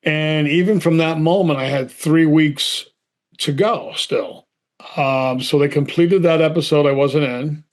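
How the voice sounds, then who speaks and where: A man from Boston with a slightly raised pitch recounts a story for an interviewer. He slips into the voices of the people he quotes and stumbles over his words when worked up. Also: unhurried. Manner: animated, acts out both sides of phone calls, stammers when excited. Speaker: actor guest.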